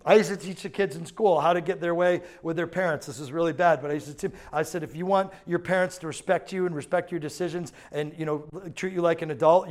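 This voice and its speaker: High-voiced animated man preaching. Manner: animated, acts out quotes, laughs often. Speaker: pastor. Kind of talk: sermon.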